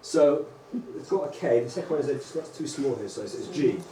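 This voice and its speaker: A man's voice: mid-range voice, a little fast. Man lecturing in an echoey hall. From England. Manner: lively, checks in with frequent "right?" and "okay?". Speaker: rabbi teaching teachers. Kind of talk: conference lecture. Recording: echoey hall, distant mic, faint hum.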